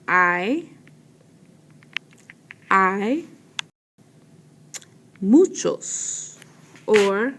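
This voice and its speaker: A woman's voice: a little high, expressive, slight background noise. A woman teacher leading a vocabulary pronunciation lesson, saying each word carefully and repeating it. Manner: slow, careful pronunciation with words repeated twice.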